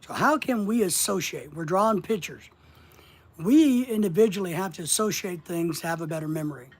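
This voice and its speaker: A man hosting a relaxed live stream, speaking straight to his viewers. He drives points home by saying key words over and over, and he greets people by name as they drop in. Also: sits high, brisk. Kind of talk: casual live-stream teaching.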